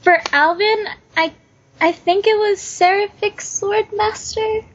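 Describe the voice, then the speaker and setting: Young woman, high voice, hesitant, lots of ums, dull lo-fi sound. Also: fairly even intonation, slow. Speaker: guest, aspiring voice actor. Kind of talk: casual podcast interview. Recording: dull lo-fi recording.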